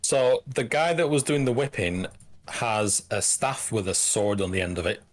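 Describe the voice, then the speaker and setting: A man narrating as game master of a tabletop game, halting and restarting as he describes the scene. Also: on the low side, soft background music.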